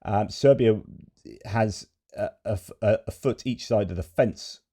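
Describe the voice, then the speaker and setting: Deep-voiced male news commentator. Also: a little slow, dark tone. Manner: chatty, digressive, with frequent fillers. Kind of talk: casual video commentary.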